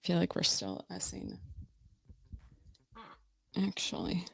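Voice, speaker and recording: Gravelly low-voiced woman livestreamer. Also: measured pace, a little mellow, dry recording. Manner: chatty and self-mocking, fiddling with audio settings. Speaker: livestream host. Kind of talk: casual livestream chat.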